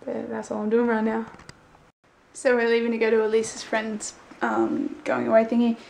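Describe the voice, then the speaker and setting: A young woman talks to her camera in a loose, chatty daily vlog, upbeat and easygoing. Her voice sits a little high, and she sometimes lets her words trail off quietly. A steady wash of background noise runs under her talk. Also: moderate pace, vocal fry. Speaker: vlogger.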